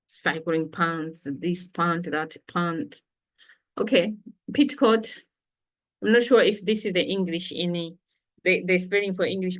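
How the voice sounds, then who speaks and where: A woman from Malawi teaching vocabulary in a casual lesson, patiently repeating each word for learners. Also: fairly low pitch. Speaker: language teacher.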